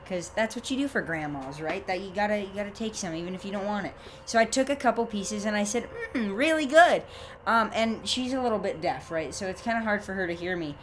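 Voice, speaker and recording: A young woman co-hosts a comedy podcast, rambling and playful as she spins silly stories. Her voice sits in a middle range. A faint steady hiss runs under the recording. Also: mid-range voice, quick pace. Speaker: podcast co-host. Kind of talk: casual comedic chat.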